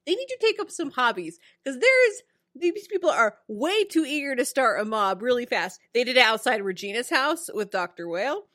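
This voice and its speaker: A woman co-hosting a podcast in casual chat, wry and quick to laugh. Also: on the high side, big pitch swings, fairly bright tone, no room sound, studio quality. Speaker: podcast co-host.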